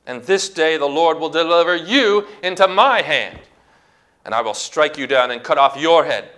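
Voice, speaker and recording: A preacher voicing a defiant young hero. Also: male voice, a little high, expressive. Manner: fast, loud, proclaiming. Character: young male shepherd hero, bold and defiant.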